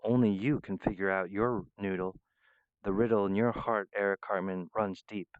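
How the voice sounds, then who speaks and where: Rambling, profane male vlogger, low smooth voice, dry lo-fi recording. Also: fairly even intonation, normal speed, no room sound. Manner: rambling, profane, restarts mid-phrase. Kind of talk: rambling monologue.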